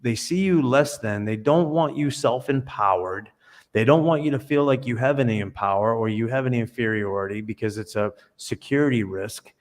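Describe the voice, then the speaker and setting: A man's voice: mid-range voice, normal speed. An earnest man guests on a podcast over a video call. He talks like a preacher, spinning parables and stories with conviction. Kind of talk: conversational interview.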